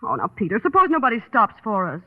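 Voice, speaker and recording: An actress playing a spoiled, petulant young heiress in a 1930s radio drama, complaining and sulky. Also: female voice, on the high side, wildly swooping pitch, fast talker. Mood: sarcastic. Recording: tinny old radio broadcast.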